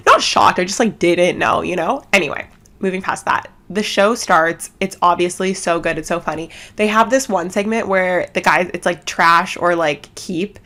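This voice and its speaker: A woman from Canada hosting a casual chat podcast at home, giggly and rambling, talking fast with lots of fillers. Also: on the low side, pushed and bright. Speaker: podcast host. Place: home setup, seated cross-legged.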